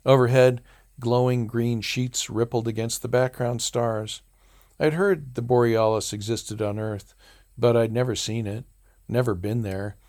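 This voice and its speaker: A man reading a first-person story aloud as an audiobook narrator, in a measured, dry storytelling manner. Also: mid-range voice, fairly even intonation, darkish tone.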